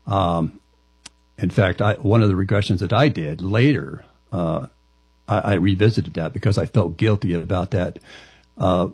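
The recording is close and dry, capturing a lower-pitched man whose husky voice has a slight mellowness. He's a guest in an interview, recounting a personal story with frequent restarts that keep looping back on themselves.

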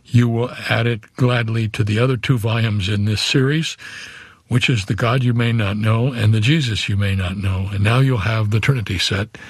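A man preaching as a radio pastor, earnest and steady, with a chuckle now and then. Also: lowish voice, long reverb tail. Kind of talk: radio sermon.

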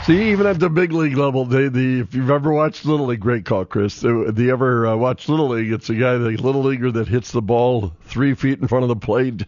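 A man's voice: mid-range voice, fairly quick, few pauses, a little mellow, no echo. A man hosting a sports radio show, telling stories animatedly and laughing often. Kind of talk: casual sports radio chat. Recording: dull, dry studio sound.

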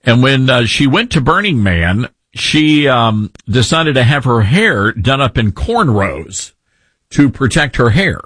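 A man's voice: mid-range voice, very animated, unhurried, a bit bright, breathy edge, no room sound. A man in his fifties hosting a talk radio show, opinionated, rambling and jokey. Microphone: studio mic.

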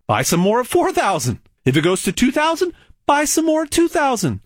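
A man with a husky edge to his voice drives a hard sales pitch, repeating words to hammer each point. His pitch swoops up and down as he mocks and warns. The sound is dry and close, with no room around it. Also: no echo. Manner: animated and repetitive, stacking phrases for emphasis; blunt and mocking. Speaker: gold investment salesman. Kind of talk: emphatic sales pitch monologue.

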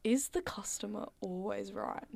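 A young woman chatting casually and asking questions, filling her talk with "like" and trailing off softly at times. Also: mid-range voice, moderate pace, gravelly, crowd noise. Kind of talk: casual chat.

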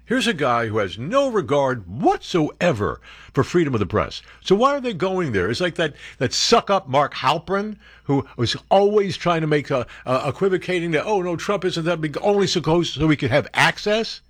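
A man's voice: a little high, normal speed, no echo, clean studio sound. A man hosting a talk radio show, reading news items aloud and mocking them with sarcastic, incredulous asides. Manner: sarcastic, animated commentary with mock-incredulous outbursts.

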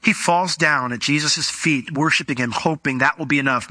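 A man preaching a sermon in an animated way, slowing down and speeding up as he tells a Bible story. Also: fairly high pitch, dry recording. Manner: animated, acts out quoted voices, varies pace.

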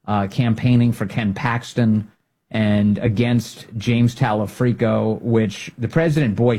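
A man's voice: fairly low pitch, mellow, breathy edge. A male talk show host giving casual political commentary, joking and candid, often restarting his sentences and laughing.

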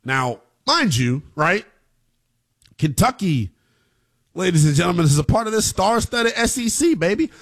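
A man hosting a sports talk radio show, emphatic and slangy, with an excitable delivery. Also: sits high, measured pace, pauses often.

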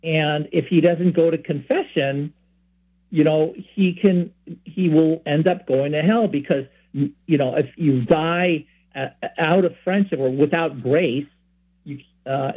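Speaking a bit slowly in a slightly high, breathy voice, a San Francisco man who hosts a Catholic program teaches informally and shares personal stories. His delivery is earnest and rambling, full of asides, and the audio sounds tinny, like a phone.

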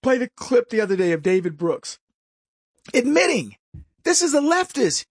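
A man with a high-pitched voice rants through a combative opinion monologue, mocking his critics and mimicking them in put-on voices. The sound is dry and close, with almost no room. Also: sing-song, moderate pace, slightly rough, dry recording. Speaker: commentary show host.

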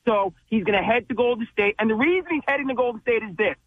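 A man's voice: high-pitched, fast, dry recording. A man calling into a sports talk radio show, arguing his point emphatically and dismissing other views. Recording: tinny phone line.

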